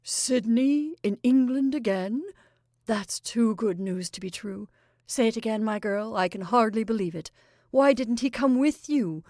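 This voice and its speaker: A woman's voice: a little high, measured pace, darkish tone, no room sound, clean studio sound, lightly acted. A woman voicing a jolly middle-aged male stage actor who talks in an exuberant, rambling, confiding way.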